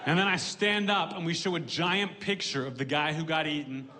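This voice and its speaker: A man performing a stand-up comedy set in a deadpan way, delivering dark punchlines dryly on a comedy stage with audience laughter behind him. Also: a little high, moderate pace.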